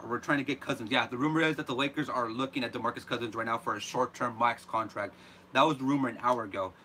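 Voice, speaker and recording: Bright-voiced man ranting animatedly. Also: mid-range voice, slight background noise. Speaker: host. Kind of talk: live reaction rant.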